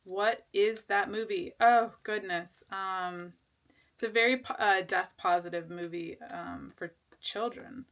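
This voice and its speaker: A woman's voice: medium pitch, measured pace, a bit bright. A woman giving a casual tarot reading, rambling with lots of fillers and restarts, earnest and reassuring. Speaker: tarot reader.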